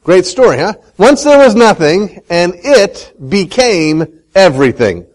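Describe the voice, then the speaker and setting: Animated man giving a lively talk. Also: high voice, measured pace, poor audio. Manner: animated, asks the audience questions, tells a folksy story. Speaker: speaker on Christian economics. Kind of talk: lively talk to a live audience.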